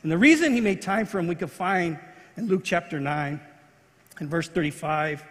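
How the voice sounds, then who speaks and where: High-voiced man preaching in a reverberant hall. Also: normal speed, fairly bright tone. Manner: earnest preaching with repeated phrases and restarts. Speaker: pastor. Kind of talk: sermon. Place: church.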